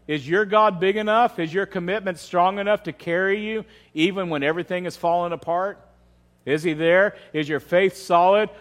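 A man's voice: high voice, a bit bright. A pastor preaching a conversational sermon at a church service, often asking the audience questions and repeating words as he starts his sentences.

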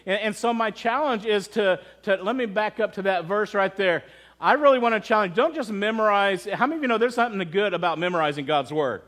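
A pastor with a high-sitting, somewhat bright voice preaches a sermon. He tells a story, acting out quoted voices, and poses questions to the congregation.

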